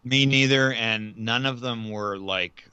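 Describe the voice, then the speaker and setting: Bright-toned man, slightly lo-fi. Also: medium pitch, takes it slowly, smooth, no echo. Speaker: podcast co-host. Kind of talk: casual film podcast chat.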